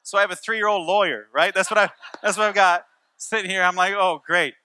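Fast and steady in tone, this forties-aged pastor delivers a sermon with a high, pushed, bright voice, cleanly recorded without echo. Wry humor runs through his stories, and he returns again and again to his key lines.

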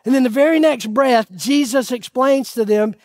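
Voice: sits high, moderate pace, darkish tone, no room sound, studio quality. Earnest pastor quizzing the congregation. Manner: asks the audience questions and answers them; earnest, pleading emphasis. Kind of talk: sermon.

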